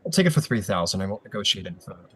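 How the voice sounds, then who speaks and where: A man's voice: fairly low pitch, big pitch swings, racing, a bit bright, husky, exaggerated voice. A man voicing a curt, stern male ship captain who haggles bluntly. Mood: firm.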